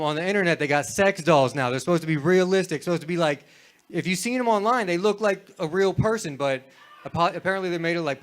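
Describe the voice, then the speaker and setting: A man's voice: a little high, fairly bright tone. Laid-back young man doing stand-up. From Florida. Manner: laid-back, rambling, crude. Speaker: stand-up comedian. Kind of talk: stand-up set. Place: comedy club stage.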